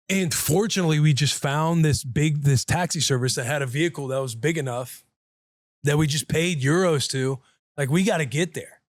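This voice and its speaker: A man's voice: a little high, no echo, clean studio sound. A man in his thirties, a podcast host, animatedly telling a story in casual chat and acting out the people in it. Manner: animated, profane, quotes people in dialogue.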